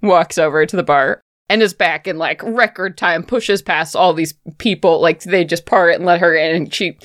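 A woman's voice: lowish voice, normal speed. A woman narrating a tabletop game as game master, loose and casual, swearing freely.

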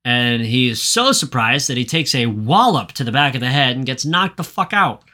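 A man with a bright, mid-pitched voice rambles through a story recap on a casual podcast. He swears freely and drops into quick voices as he goes. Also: lively intonation. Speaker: podcast co-host. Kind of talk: casual chat.

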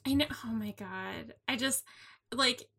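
A woman's voice: a little high, gravelly, pushed and bright, a little hiss or hum. A young woman co-hosting a casual movie chat, enthusiastic and chatty. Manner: enthusiastic, chatty, quick laughs.

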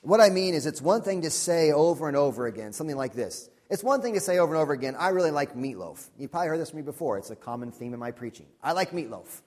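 A man preaching a sermon as pastor, earnest and emphatic, repeating questions and dropping to a quiet, intense voice for key points. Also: a little high, animated, very fast, few pauses.

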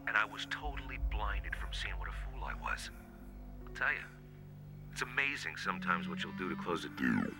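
An actor playing a rueful male shock jock who confides in a hushed voice. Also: sits low, sing-song, moderate pace. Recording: TV clip with music underneath.

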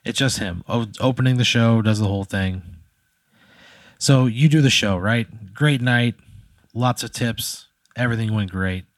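A man's voice: mid-range voice, a little slow, no echo. A man improvising a comedic hypothetical story, loose and rambling, checking in with "right?" as he goes. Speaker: podcast co-host posing a hypothetical.

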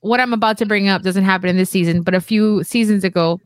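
A woman's voice: mid-range voice, fast, dry recording. A woman co-hosting a casual TV recap podcast, rambling and laughing often as she talks. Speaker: podcast co-host. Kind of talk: casual chat.

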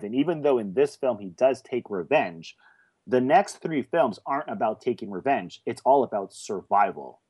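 A man co-hosting a podcast, arguing his view on a film in a casual, animated way. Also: mid-range voice, slightly rough. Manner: animated, opinionated. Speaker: podcast co-host.

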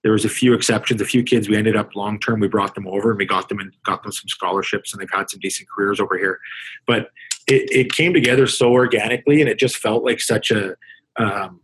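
A man from Canada speaks as a hockey coach being interviewed. His voice is husky, and he talks in a loose, reflective way, often restarting his sentences. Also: fairly low pitch, fairly even intonation, brisk, a bit bright, low-quality recording. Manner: conversational, reflective, with frequent restarts. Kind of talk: casual podcast interview.

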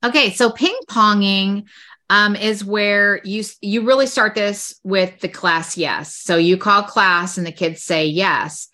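A woman's voice: mid-range voice, slow, bright, forceful tone. A woman hosting a teaching podcast over a video call, explaining a classroom game step by step in a chatty way.

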